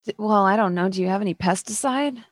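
A woman's voice: medium pitch, quick pace, no room sound, clean studio sound, close to an everyday voice. Woman as a weary, frightened villager. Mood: worried. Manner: sighing and hesitant.

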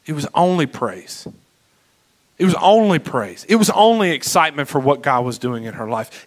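A man preaching as pastor, impassioned, swinging between loud exclamations and hushed moments. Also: fairly high pitch, very animated, moderate pace, rough recording. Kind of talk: sermon.

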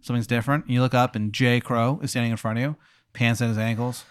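A man's voice: medium pitch, fairly even intonation, fast talker, clean tone, dry recording. Brief: man in mid range narrating a comedy hypothetical, loose and chatty, dry close mic. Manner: casual narrating, many "like"s. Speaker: game master of a hypothetical. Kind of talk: comedic improvised storytelling.

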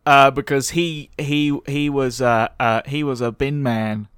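A man chatting jokily and deadpan as a player in a tabletop game. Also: mid-range voice, unhurried, clean tone. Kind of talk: casual chat.

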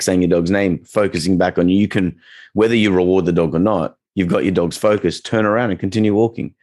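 A man with a deep, low voice chats easily about training dogs. He keeps a loose, conversational flow and slips into short acted-out reactions to make his points. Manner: relaxed, chatty, acts out quoted reactions. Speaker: dog trainer. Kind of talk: casual podcast chat.

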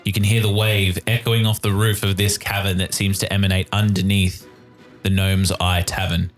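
A man narrating a tabletop game as game master, describing scenes in a deliberate way. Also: deep voice, little pitch movement, soft background music.

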